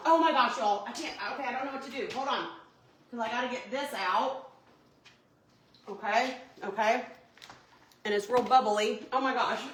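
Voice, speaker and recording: A woman's voice: a little high, moderate pace, pauses often, echoey room, slight background noise. A woman, chatting with viewers while baking in her home kitchen, flustered and talkative. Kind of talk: casual chatty cooking livestream.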